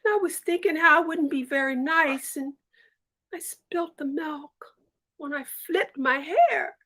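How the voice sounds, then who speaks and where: A woman's voice: high-pitched, normal speed, sharp tone, pitched above the performer's own voice. A woman storyteller voicing a vain, daydreaming young milkmaid girl who talks in a giddy, boastful sing-song. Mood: tearful.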